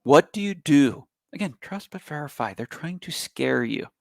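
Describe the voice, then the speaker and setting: A man giving a cybersecurity talk in an emphatic, animated manner, with bursts of loud stress. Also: a little high, moderate pace, vocal fry, no room sound, clean studio sound. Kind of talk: public presentation.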